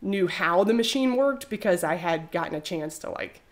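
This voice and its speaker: A woman's voice: fairly low pitch, expressive, normal speed. A woman in her thirties, a textile artist, chatting casually in an interview and rambling with lots of fillers.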